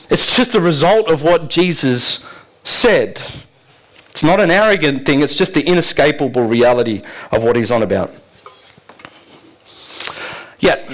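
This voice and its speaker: A man's voice: mid-range voice, fairly bright tone, low-quality recording. A man preaching a sermon in a conversational way, asking the congregation rhetorical questions and often laughing. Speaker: pastor.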